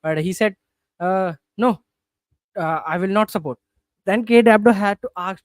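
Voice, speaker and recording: Brief: young man, slightly high voice, halting chuckly football chat, dry close mic. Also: no echo. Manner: hesitant, chuckling, many fillers. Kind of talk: casual football banter.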